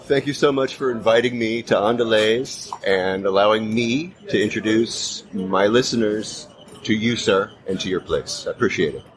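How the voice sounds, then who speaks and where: A man's voice: lowish voice, normal speed. A male host of a travel show, thanking his guest in an interview. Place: busy restaurant bar. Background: crowd chatter.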